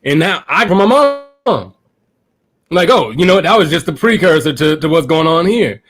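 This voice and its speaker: A man in his forties speaking as a panelist, telling a story in a halting way full of fillers. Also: fairly high pitch, animated, a bit bright. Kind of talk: casual panel discussion.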